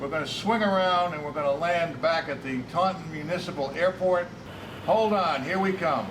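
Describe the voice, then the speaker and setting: An older man talks us through a small-plane flight in a jokey, excitable way. His voice sits fairly high and comes through from a distance. Loud engine noise rumbles underneath everything he says. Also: normal speed. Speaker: show segment narrator. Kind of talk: casual voice-over narration of a flight.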